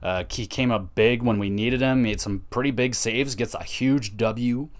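A young man hosting a podcast, talking through hockey games in an excitable, profane, casual way, tossing "man" and "dude" into his sentences. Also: medium pitch, moderate pace. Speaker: podcast host. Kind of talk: casual sports podcast monologue.

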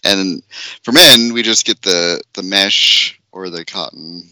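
A man with a fairly low but very bright, forward voice chats casually as a podcast co-host. He jokes around and keeps dissolving into giggles. The recording is dry and close. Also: slow, no room sound. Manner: giggly, jokey, often breaks into laughter.

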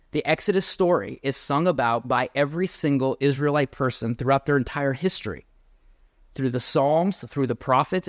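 A man preaching a sermon as pastor, earnest and emphatic, then closing in a softer prayer. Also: medium pitch, no room sound, clean studio sound.

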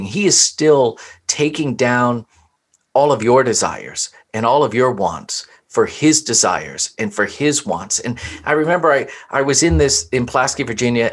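A man's voice: medium pitch, a bit bright. A man from Florida, a pastor, sharing personal testimony in conversation with an earnest, preacherly storytelling manner.

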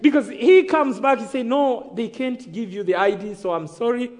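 A man's voice: extremely high pitch, normal speed, a little mellow. A man from Rwanda giving a sermon testimony, emphatic, calling for amens and acting out the dialogue of his story. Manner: emphatic, calls for amens, acts out quoted dialogue. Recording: long hall reverb.

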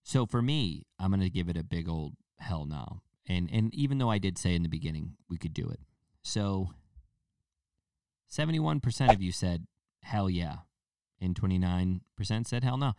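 A man's voice: deep voice, normal speed, a little mellow, smooth, no room sound, studio quality, far from the mic. A man hosting a casual solo podcast, rambling with restarts and fillers and now and then mocking people in a put-on baby voice. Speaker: podcast host.

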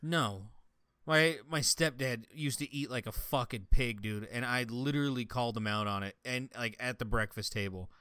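A man's voice: medium pitch, normal speed, clear, resonant tone, dry recording, studio quality. A young man co-hosting a casual podcast, telling crude, profane stories with a lot of swing. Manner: crude, profane, animated storytelling. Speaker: podcast co-host.

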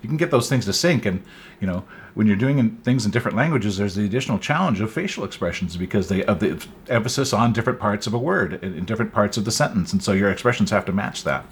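A man with a somewhat low voice co-hosts a casual tech podcast. He explains things at length, with frequent pauses and restarts. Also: animated. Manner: many fillers and restarts, explaining. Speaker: podcast co-host.

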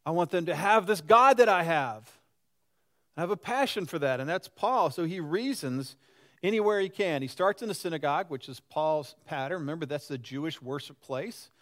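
A man's voice: fairly high pitch, moderate pace. A pastor in his sixties gives a conversational sermon and often puts questions to the congregation. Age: 60s. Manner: lively and animated.

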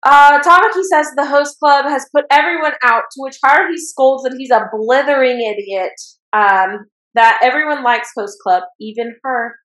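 An excitable woman hosts a casual show, recapping an anime episode the way a fan would and getting worked up as she goes. Her voice sits a little high. The recording has a noticeable echo from the room. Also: moderate pace. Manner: excitable fan, gets worked up and laughs while retelling. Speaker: podcast host recapping an anime.

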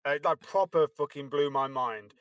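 A man's voice: on the high side, moderate pace, a bit bright, no echo. Hesitant man telling an army tale. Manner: hesitant, filler-heavy storytelling. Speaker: podcast co-host, ex-Guardsman. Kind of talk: casual anecdote.

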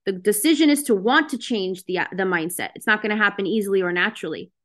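A woman's voice: medium pitch, fast talker, fairly bright tone. A woman giving a casual motivational talk to her group over a video call, speaking frankly and chattily with lots of fillers. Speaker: host of a self-help session.

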